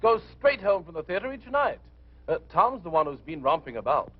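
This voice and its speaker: A man's voice: fairly high pitch, very animated, brisk. An actor playing a chipper man with a clipped. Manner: clipped, chirpy. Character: upper-class English male theatre agent, chipper. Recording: dull old film soundtrack.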